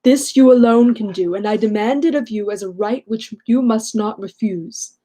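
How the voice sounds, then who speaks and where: A woman's voice: fairly high pitch, moderate pace, mellow, natural voice, poor audio. A woman reading the lines of a lonely, wronged male creature from a storybook, formal and insistent. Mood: demanding.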